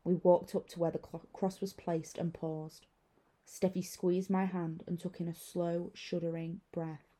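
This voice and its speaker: A woman reading a first-person horror story in a hushed, suspenseful way. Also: on the low side, little pitch movement, unhurried. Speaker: narrator.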